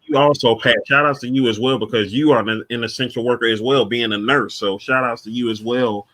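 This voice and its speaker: A male livestream host with a bright, clear voice hands out shout-outs and apologizes for interrupting. He speaks over a video call. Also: mid-range voice, fairly even intonation, fairly quick, low-quality recording.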